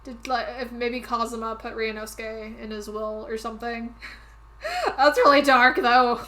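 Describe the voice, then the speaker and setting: A woman's voice: on the high side, expressive, a little slow, pushed and bright. A woman streaming a video game and musing aloud in a rambling, casual way. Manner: rambling, musing, laughs at herself. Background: game music.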